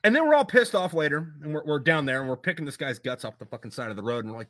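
A man, a podcast guest, telling profane stories in casual, animated talk. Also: a little high, racing, hardly any pauses. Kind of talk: casual storytelling.

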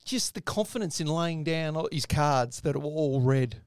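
Man, podcast co-host, gravelly voice, bouncy pitch, jokey, laughs a lot. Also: lively intonation, moderate pace, no echo. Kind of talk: casual film podcast chat.

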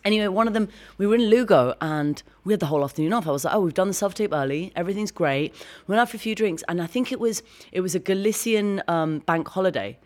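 Fast-talking woman telling stories. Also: medium pitch. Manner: fast, animated storytelling with laughs. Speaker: guest. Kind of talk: casual interview chat.

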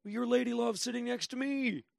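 A man voicing a huge, friendly male wrestler in a loud, brash put-on voice. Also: very high-pitched, normal speed, creaky, no room sound, voice pushed up, full character voice. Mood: teasing.

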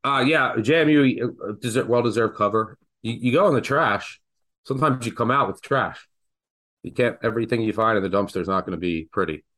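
A man co-hosting a sports betting podcast, telling stories in a lively, joking way. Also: lowish voice, fairly quick. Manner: animated, joking storyteller. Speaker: podcast co-host. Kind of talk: casual sports betting chat.

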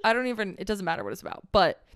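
A young adult woman co-hosting a podcast, telling a personal story in a relaxed, earnest way. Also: mid-range voice, rapid-fire, dry recording, clean studio sound. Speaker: podcast co-host. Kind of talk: casual chat.

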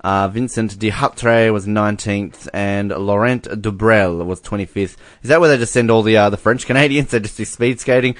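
A man's voice: fairly low pitch, moderate pace, hardly any pauses, no room sound. A man co-hosting a casual sports podcast, rambling and joking with many fillers. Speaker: podcast co-host.

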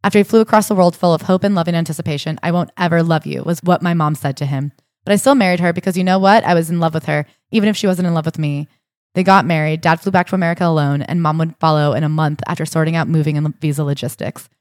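Female podcast co-host, fast and animated retelling, slightly low voice, dry booth sound. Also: dry recording. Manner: animated storytelling, acts out quotes with rising indignation. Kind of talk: casual book discussion.

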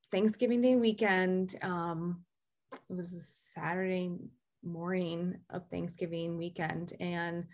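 Woman telling a halting personal story. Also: mid-range voice. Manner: halting, with many fillers and restarts. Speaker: guest sharing recovery story.

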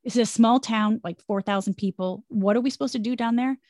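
A middle-aged woman, a former broadcaster, talking about faith and career change in an energetic, emphatic way. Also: fairly high pitch, a little fast, no echo, clean studio sound. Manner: energetic, emphatic, preachy storytelling. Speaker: podcast guest, former broadcaster. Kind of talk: conversational faith-based interview.

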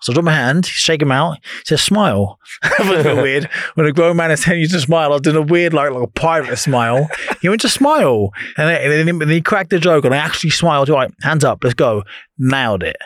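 A man, a podcast guest chatting casually in a studio, who tells animated stories, swears freely and acts out what others said. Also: fairly high pitch, fast talker, dry recording. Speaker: podcast guest, former boxer.

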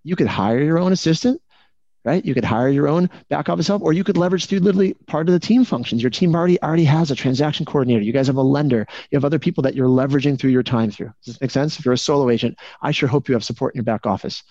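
A fast-talking male coach leading a real estate team on a video call, throwing question after question at the group. His tone is mellow and dark. The call audio is dry and muffled. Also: medium pitch, dry recording. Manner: energetic, asks the group many questions.

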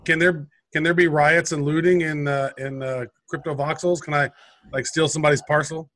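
Bright, higher-voiced joking co-host. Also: male voice, little pitch movement, moderate pace. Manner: joking, playful. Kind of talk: casual podcast talk.

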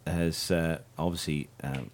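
Man, very low voice, casual aviation news host, halting delivery with fillers. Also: fairly even intonation. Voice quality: hesitant, many fillers and coughs. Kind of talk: casual radio-style news chat.

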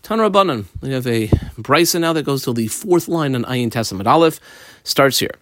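A man giving a daily Talmud lesson, explaining the page casually with everyday examples and frequent pauses. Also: mid-range voice, lively intonation, fairly bright tone, dry recording. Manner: halting, with frequent ums and restarts. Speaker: Talmud teacher.

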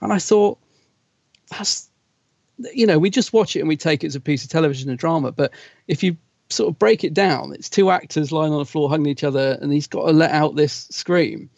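Male podcast co-host from Britain, rambling and chatty, slightly high, lo-fi sound. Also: creaky, a little mellow, no room sound. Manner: chatty, rambling, quick to laugh. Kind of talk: casual chat. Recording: dull, lo-fi sound.

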